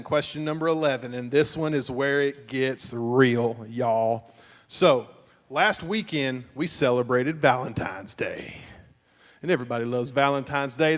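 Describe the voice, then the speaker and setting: A man, a pastor hosting a couples game show at his church, teasing and joking with the crowd. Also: on the high side. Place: church sanctuary, at the altar. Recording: long church hall reverb.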